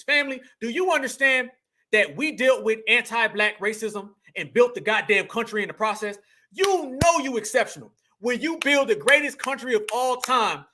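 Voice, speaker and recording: High, bright-voiced man preaching to listeners. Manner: preachy and emphatic, repeats lines, swears, calls listeners family. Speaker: online show host. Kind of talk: impassioned commentary monologue.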